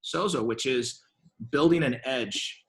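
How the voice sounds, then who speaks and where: A man in his fifties, a venture capitalist guest in an interview, who tells his career story in a lively, conversational way and acts out the dialogue he quotes, often restarting his sentences. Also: medium pitch, slow pace.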